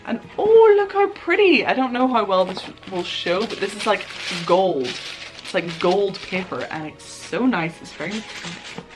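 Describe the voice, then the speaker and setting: A young woman vlogger chatting casually through an unboxing, excitable and gushing, with lots of fillers. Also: fairly low pitch, moderate pace, music in the background.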